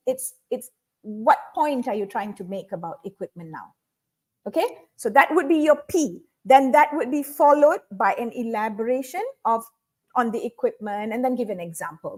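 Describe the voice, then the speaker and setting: A woman's voice: high voice, a little mellow. A woman teaching speech skills in an online webinar, explaining step by step and often saying "okay". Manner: instructive, repeats key points, frequent "okay".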